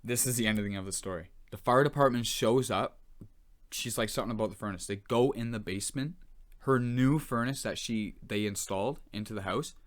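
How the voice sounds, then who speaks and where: A man's voice: fairly low pitch, a little fast. A man in his thirties telling a story in a loose, rambling way, full of "like" and restarts. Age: 30s. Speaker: vlogger. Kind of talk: casual storytelling.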